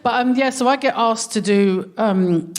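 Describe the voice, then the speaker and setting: A woman's voice: on the high side, a little slow. A woman with a London accent doing stand-up on a theatre stage, cheeky, slangy and self-mocking. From Hackney, London. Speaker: stand-up comedian and co-host. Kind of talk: stand-up comedy. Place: London theatre stage before a live audience.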